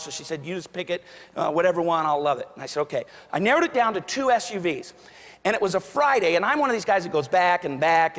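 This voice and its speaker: Male keynote speaker, lively storyteller, slightly high voice, long hall reverb. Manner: storytelling, acts out quoted voices. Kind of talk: motivational keynote speech.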